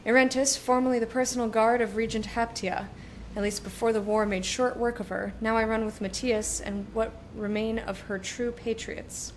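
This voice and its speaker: A woman's voice: on the high side, steady tone, normal speed, few pauses, a little hiss or hum, close to an everyday voice. A woman reading aloud as a stern, battle-hardened male soldier guard in a video game, curt and firm.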